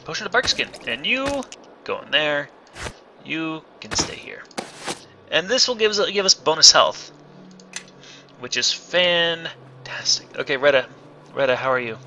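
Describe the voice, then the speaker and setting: A man's voice: on the high side, sing-song, unhurried, long pauses, sharp tone. A man giving casual, playful commentary over a role-playing game, with jokey asides. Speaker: let's play host. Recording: slightly dull recording with faint hiss.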